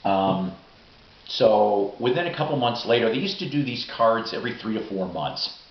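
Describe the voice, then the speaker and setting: A middle-aged man with a lowish voice tells old stories in a rambling, excitable way, swearing as he goes. The sound is dull and lo-fi, with a roomy echo and a faint hiss underneath. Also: normal speed. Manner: rambling, profane, excitable storytelling. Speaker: vlogger. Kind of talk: casual storytelling monologue.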